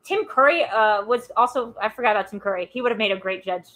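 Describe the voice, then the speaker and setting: A woman's voice: mid-range voice, fast talker, a crowd in the background, poor audio. A woman co-hosting a casual movie podcast, rambling through film trivia with many fillers and restarts. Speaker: podcast co-host.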